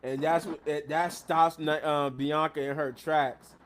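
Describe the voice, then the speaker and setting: A man casually recapping a wrestling show, excitable and rambling, often laughing at the action. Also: a little high, a little slow, a little hiss or hum. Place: at his workplace.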